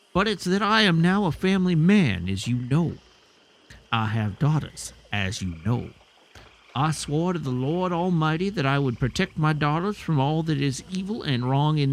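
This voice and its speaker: A man voicing a stern reformed outlaw turned family man, reading a letter aloud in a low, menacing drawl. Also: a little hiss or hum.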